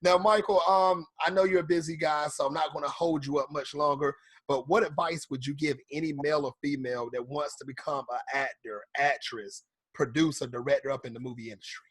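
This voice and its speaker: Upbeat husky-voiced male host. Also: on the high side, fairly even intonation, fairly quick, dry recording. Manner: upbeat, hypes the guest to the audience. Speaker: talk show host. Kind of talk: interview hosting.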